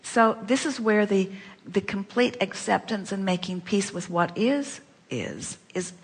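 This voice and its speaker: A woman's voice: mid-range voice, lively intonation, unhurried, breathy edge. A woman speaking as "we" to a questioner at a seminar, emphatic, with repeated phrases and rhetorical questions. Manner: speaks as a collective "we". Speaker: spiritual speaker answering a questioner. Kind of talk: inspirational talk at a seminar. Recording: long hall reverb.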